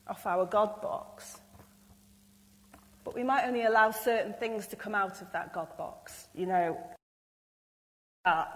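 A woman preaching an earnest, emotional sermon and acting out the speech she imagines from others. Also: on the low side. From England. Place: church. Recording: long church reverb.

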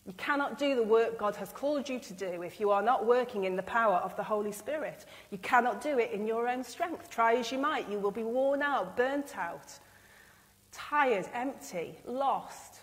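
A woman's voice: fairly high pitch, expressive, moderate pace. A woman preaching an earnest, emotional sermon and acting out the speech she imagines from others. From England. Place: church. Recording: long church reverb.

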